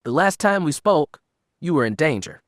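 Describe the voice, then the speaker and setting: A man doing a gentle, earnest young man. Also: fairly high pitch, expressive, normal speed, no room sound, studio quality, pitched above the performer's own voice, natural voice. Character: earnest young man, nervous old friend. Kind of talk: audiobook reading.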